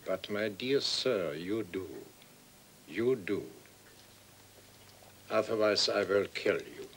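An actor playing a cynical old man in a wheelchair who speaks slowly and makes measured, cold threats in a film scene. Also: on the low side, gravelly, fairly bright tone, slight background noise, full character voice, rough recording. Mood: cold menace. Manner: slow, measured and coldly threatening. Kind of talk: feature film dialogue.

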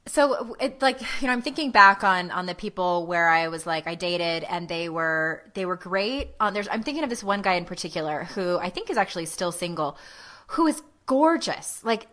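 Woman in her forties, podcast host, bright crisp tone, candid and self-mocking. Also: fairly low pitch, expressive, moderate pace. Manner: candid, laughing, self-deprecating. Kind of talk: casual podcast chat.

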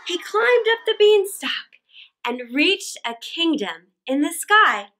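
A woman reading a classic fairy tale aloud for children, expressive and animated, with dramatic gasps. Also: extremely high pitch, slow pace. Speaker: children's storyteller. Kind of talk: read-aloud storytelling for children.

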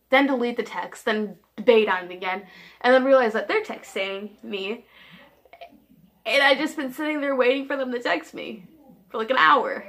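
A teenage girl with a fairly high voice talks to her camera in loose, rambling vlog chat. She giggles often, pokes fun at herself and hops from topic to topic. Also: normal speed, fairly bright tone. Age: teens. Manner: giggly, scattered, self-deprecating. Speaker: vlogger.

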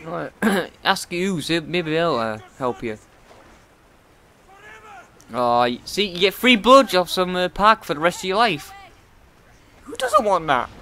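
Male let's player, foul-mouthed and frustrated, highish animated voice. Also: takes it slowly, long pauses. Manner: profane, yells at the game in frustration. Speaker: let's play gamer. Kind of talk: gameplay commentary.

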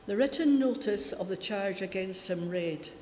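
A woman reading a Bible passage aloud in a church service, in a steady, measured way. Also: mid-range voice, a little hiss or hum. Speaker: scripture reader. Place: church hall. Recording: echoey church from a distance.

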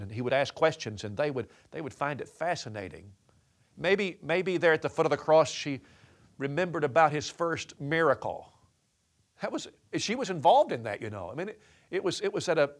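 A man preaching a sermon as a story, talking with many restarts and changing his voice for quoted lines. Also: a little high.

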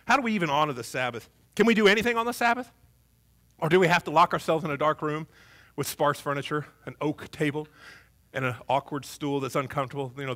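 A man preaching a sermon as pastor in a church, humorous and conversational with an animated delivery. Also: fairly high pitch. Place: church, before a congregation.

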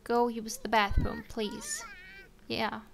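A woman's voice: on the high side, unhurried, a bit bright, a little hiss or hum. Chatty young woman narrating her game. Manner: chatty, talks to her game characters, frequent ums. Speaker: let's play streamer. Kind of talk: casual game commentary.

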